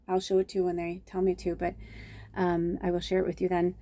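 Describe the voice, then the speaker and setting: A woman's voice: fairly low pitch, completely flat delivery, brisk, mellow, no echo. A middle-aged woman, a medium, telling chatty, rambling stories in a casual spiritual vlog, full of restarts and fillers. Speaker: medium and tarot reader.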